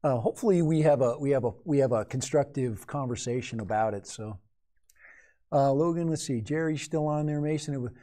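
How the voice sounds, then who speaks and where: Mellow-voiced man in his fifties rambling on a stream. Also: mid-range voice, moderate pace. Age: 50s. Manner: rambling and joking, talks to viewers in chat. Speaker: livestream host and hobby drone pilot. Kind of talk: casual live-stream chat.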